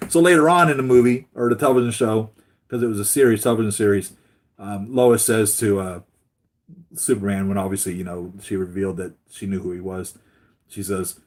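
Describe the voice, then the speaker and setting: A man's voice: lowish voice, fairly even intonation, brisk, darkish tone. A man hosting his own channel, chatting casually and rambling with many fillers and restarts. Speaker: YouTube channel host. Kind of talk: casual chat.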